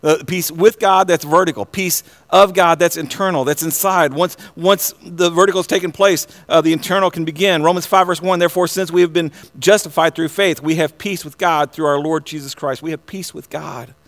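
A man preaching a sermon, earnest, often repeating words and restarting, then building to loud excited passages. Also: on the high side, a little fast, few pauses. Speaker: pastor.

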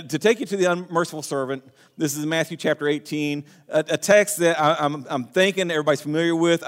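A male pastor preaching a sermon, his voice sitting high for a man. He reads scripture aloud and talks earnestly, often restarting his phrases. The sound rings with a long hall reverb.

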